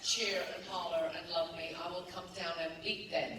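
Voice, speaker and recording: A woman's voice: on the low side, steady tone, normal speed, crowd noise. A woman on a convention panel, trading teasing, mock-tough banter with the audience and her co-panelists. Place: large convention hall. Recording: echoey hall, distant mic. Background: audience noise.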